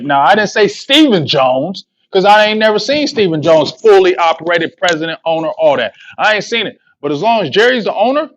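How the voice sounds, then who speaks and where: A man's voice: high-pitched, lo-fi sound. Fired-up man ranting about his team. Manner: heated, rhetorical questions, slangy trash talk. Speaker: sports show host. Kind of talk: fan commentary livestream rant.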